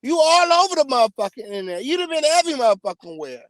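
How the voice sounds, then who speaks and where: A man hosting a celebrity gossip channel, giving an emphatic, profanity-heavy rant with sudden loud outbursts. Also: extremely high pitch, sing-song, fast, dry recording. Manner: profane, emphatic, repeats "okay?" and "period". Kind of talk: ranting celebrity gossip commentary.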